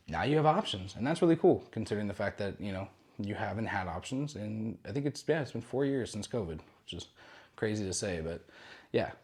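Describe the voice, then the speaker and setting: A man's voice: lowish voice, a little mellow. A young man hosting a casual cruise news roundup, chatty and rambling, with jokey asides and frequent self-corrections.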